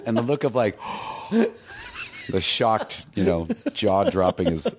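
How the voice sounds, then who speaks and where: A man's voice: deep voice, normal speed, a little hiss or hum. A middle-aged man in casual podcast chat, speaking bluntly and profanely and joking often. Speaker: guest musician and filmmaker.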